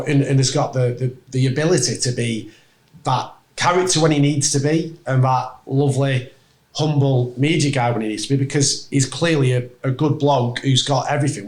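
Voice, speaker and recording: A man making a measured point in casual podcast chat. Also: mid-range voice, roomy sound, rough recording. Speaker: podcast co-host.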